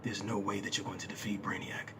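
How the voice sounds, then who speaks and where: A man voicing a stern, gloomy old male alien elder in a low, hushed, grave tone. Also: level tone, fast talker, background noise, natural voice. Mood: grim.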